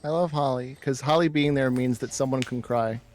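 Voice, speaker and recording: A man's voice: medium pitch, moderate pace, noisy background. A man chatting casually on a live stream, dry and wry, often chiming in with short agreements.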